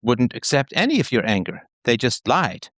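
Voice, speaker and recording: A man's voice: mid-range voice, moderate pace, no echo. A man hosting a call-in show, talking frankly and probing the caller. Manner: frank, probing, lively delivery.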